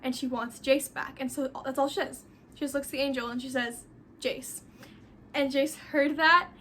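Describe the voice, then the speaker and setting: A woman's voice: sits high, fairly even intonation, brisk, sharp tone, slight background noise. A woman talking casually about a book she loves, rambling off the cuff, effusive and repeating phrases for emphasis. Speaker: book vlogger.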